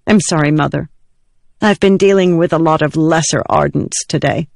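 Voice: mid-range voice, normal speed, vocal fry, no room sound, lightly acted. A stern scholarly woman who speaks in a precise, didactic way, put on by an audiobook narrator. Her voice sits in a middle register and is recorded dry and close, with no room sound. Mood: measured. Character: stern scholarly woman, a lecturing adult daughter.

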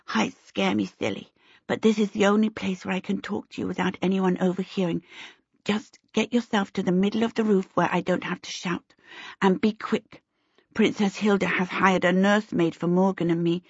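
A woman voicing a calm, polite, oddly grown-up small boy in a storybook reading, in a dull lo-fi recording. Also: medium pitch, moderate pace, slightly rough, no echo. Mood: cool, matter-of-fact. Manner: polite and composed.

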